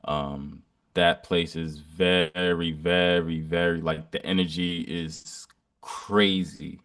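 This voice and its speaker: A man talking in a casual chat, halting with many ums and repeated words, trailing off quietly. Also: low-pitched, flat delivery, no room sound, studio quality. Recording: distant from the mic.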